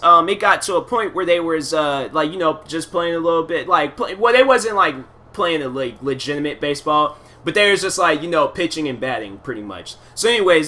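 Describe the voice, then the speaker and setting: A man's voice: a little high, pushed and bright. A man talking alone in a loose, rambling way, retelling a movie and giving his opinions, full of fillers, repeats and casual slang. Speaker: solo podcast host.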